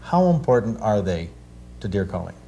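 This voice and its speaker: Male outdoor show host, voice jumps all over, curious quick questions. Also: on the low side, very animated, creaky, mellow. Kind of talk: casual interview questions.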